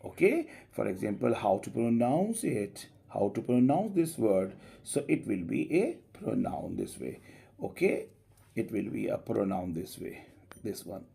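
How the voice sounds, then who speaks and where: A male English teacher giving an online class lecture, explaining slowly and tagging many lines with a rising "okay?". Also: on the low side, big pitch swings, vocal fry, warm tone, breathy edge. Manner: slow, drawn-out explaining with frequent rising "okay?".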